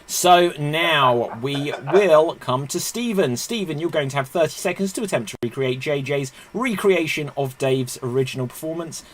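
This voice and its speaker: A man hosts a live online comedy show over a video call, running the rounds in an upbeat, announcing way. His voice sits fairly high, with a faint hiss of noise under it. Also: lively intonation. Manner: upbeat, announcing, quick to laugh. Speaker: host.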